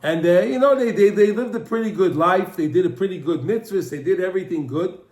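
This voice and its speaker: A man with a high voice gives a Torah class in an echoey room. He tells the story with animation, often repeating and restarting his phrases. The room's reverb hangs around his words. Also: brisk, darkish tone. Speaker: Torah teacher.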